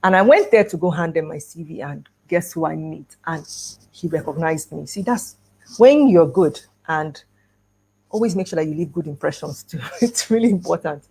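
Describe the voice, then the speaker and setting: A woman's voice: low-pitched, lively intonation, normal speed, dark tone, breathy edge. A middle-aged woman speaking at an education conference, telling a personal story and acting out the dialogue, with light laughs. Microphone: video call.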